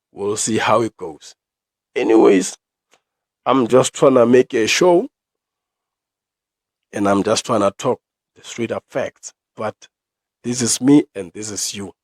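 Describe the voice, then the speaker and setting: A man's voice: fairly low pitch, no echo. Ranting South African man, dry sound. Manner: ranting, profane, with sudden loud outbursts. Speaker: podcast host. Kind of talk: opinion commentary podcast.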